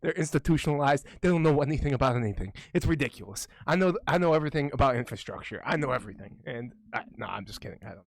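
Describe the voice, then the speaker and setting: A man's voice: mid-range voice, animated, racing, vocal fry, hardly any pauses. A young man co-hosting a podcast, rambling and swearing in mock-conspiratorial casual chat. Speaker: podcast co-host.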